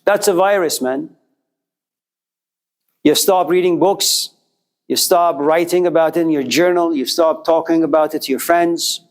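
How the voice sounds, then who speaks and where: A male lecturer tells a story to his listeners in a loose, conversational way, turning to address them directly. His voice sits a bit on the high side for a man. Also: unhurried, long pauses. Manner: acts out quoted characters with jumps in pitch.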